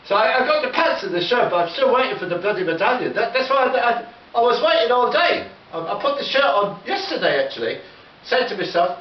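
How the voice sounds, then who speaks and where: A man's voice: sits high, sing-song, fairly quick, slight background noise. Rambling man, distant and roomy. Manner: rambling, sweary, stammering restarts. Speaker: comedy vlogger in character. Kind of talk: improvised comic monologue. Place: at home. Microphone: camera mic. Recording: roomy, distant, dull home recording.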